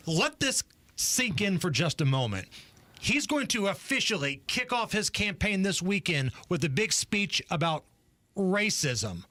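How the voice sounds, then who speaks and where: A man with a high, bright and forceful voice hosts political talk radio, ranting with heavy sarcasm and punchy emphasis. The studio sound is close and dry, with no room around it. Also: big pitch swings, measured pace, no room sound. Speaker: radio talk show co-host. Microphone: studio microphone.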